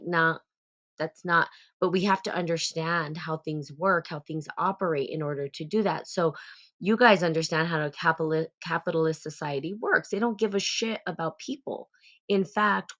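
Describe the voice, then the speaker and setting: A woman hosting a casual live talk, blunt and animated, swearing freely as she calls people out. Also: low-pitched, lo-fi sound. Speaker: host.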